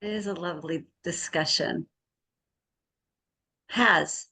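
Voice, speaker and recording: A woman's voice: lowish voice, takes it slowly, vocal fry, pushed and bright, husky. Earnest rambling woman sharing spiritual story. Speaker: group discussion participant.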